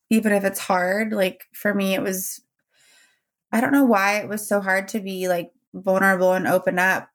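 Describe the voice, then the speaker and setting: Woman podcast co-host, casual and candid, with some vocal fry. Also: medium pitch. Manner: candid, with many fillers and trailing thoughts. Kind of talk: casual chat.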